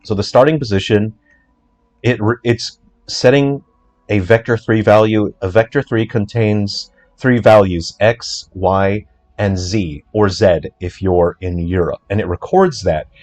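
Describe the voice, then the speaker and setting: A man, an indie game developer, talking through his code in a casual walkthrough, chatty and joking with quick asides. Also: on the low side, a little mellow. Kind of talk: casual livestream coding walkthrough.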